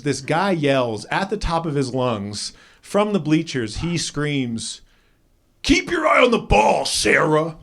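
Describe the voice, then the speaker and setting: A man performing stand-up comedy on a club stage, telling stories and acting out characters in a raised voice. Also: on the high side. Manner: animated storytelling, acts out characters with raised voice. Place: comedy club stage before a live audience. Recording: live club audience laughter.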